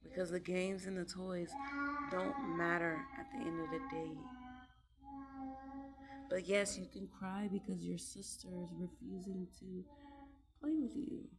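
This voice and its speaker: A woman's voice: fairly low pitch, level tone, unhurried, pauses often. A young mother talking about raising her children in a casual, emphatic monologue, repeating herself to drive points home.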